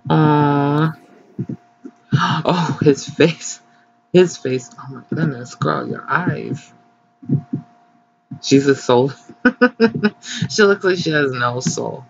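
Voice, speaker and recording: A man casually commenting as he plays a life-sim game, chatty, excitable and gossipy, recorded on slightly dull lo-fi audio. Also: fairly high pitch, drawn-out words, creaky, pauses often, a little hiss or hum. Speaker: gaming channel host. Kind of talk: casual let's play commentary.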